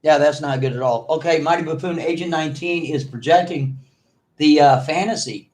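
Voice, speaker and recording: A middle-aged man ranting in a commentary vlog, animated and mocking. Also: fairly high pitch, normal speed. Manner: animated, mocking, mimics others in exaggerated voices. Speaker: online video commentator.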